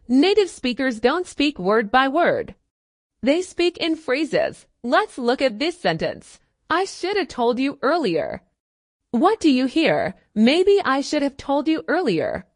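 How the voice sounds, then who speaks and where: A woman giving a scripted English listening lesson, speaking clearly and steadily with deliberate pauses and an encouraging tone. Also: high voice, no room sound, clean studio sound. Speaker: English teacher.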